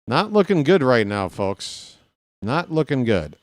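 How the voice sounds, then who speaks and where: A man's voice: medium pitch, big pitch swings, a little slow, dry recording, studio quality. A man calling baseball play-by-play for his stream, with casual, self-deprecating asides to viewers.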